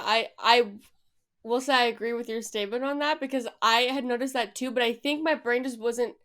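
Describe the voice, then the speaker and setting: A woman co-hosting a podcast in casual chat, blunt and animated, swearing freely. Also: a little high. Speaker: podcast co-host.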